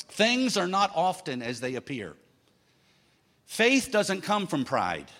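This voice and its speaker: A man's voice: on the high side, fairly bright tone. A man preaching a sermon, emphatic, with humorous asides.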